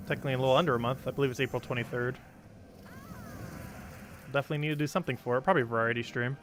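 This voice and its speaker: A man's voice: medium pitch, fairly even intonation, very fast, fairly bright tone, slight background noise. A young man casually chatting on a game live stream, answering chat and rambling through strategy tips with lots of ums and likes. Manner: rambling, explains game strategy with many fillers.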